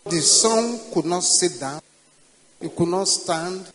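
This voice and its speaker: A man's voice: high-pitched, slow pace, a bit bright, long reverb tail, low-quality recording. An older man with a Nigerian accent, preaching a sermon and leading prayer with rising, commanding declarations. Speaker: pastor.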